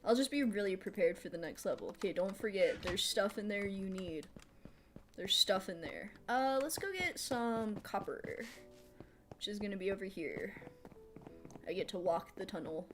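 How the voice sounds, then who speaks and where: A woman streamer giving casual live gameplay commentary. She thinks out loud while she builds, answers chat aloud and laughs often. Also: medium pitch, expressive, moderate pace, faint music behind. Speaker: streamer playing a building game.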